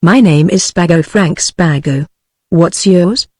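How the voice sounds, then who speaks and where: A text-to-speech voice with a British English accent reading the lines of a brisk young male newspaper reporter in an audiobook. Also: high-pitched, no echo, studio quality. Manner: even, measured text-to-speech delivery.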